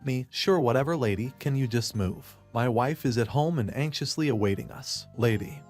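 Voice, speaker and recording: A man's voice: medium pitch, lively intonation, moderate pace, darkish tone, soft background music. Man narrating a first-person story.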